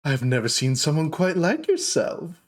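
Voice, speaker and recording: Man doing a high, gushing dark elf enchantress, posh and flirty, for a tabletop game. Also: wildly swooping pitch, normal speed. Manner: theatrical, drawling "darling".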